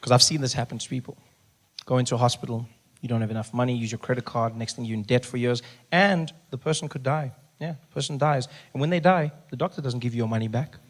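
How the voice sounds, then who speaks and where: A young man with a South African accent telling an animated, exasperated stand-up story. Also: mid-range voice, fast, slight background noise. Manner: animated, exasperated, shouting outbursts. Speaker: stand-up comedian.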